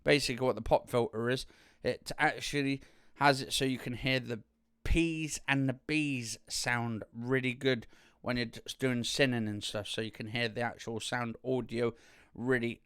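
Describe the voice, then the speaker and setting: A man's voice: mid-range voice, a bit bright, clear, resonant tone, no echo. A man vlogging to camera in a casual, rambling way, full of ums and restarts, into a studio condenser mic. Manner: rambling with frequent fillers and restarts. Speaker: youtuber. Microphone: studio condenser microphone.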